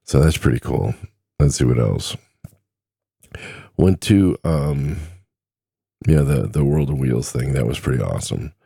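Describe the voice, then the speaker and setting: Very deep gravelly man, rambling podcast host. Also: lively intonation, unhurried, long pauses, mellow, dry recording, studio quality. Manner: rambling, easygoing, self-deprecating. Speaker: podcast host and truck driver. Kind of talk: casual solo podcast chat.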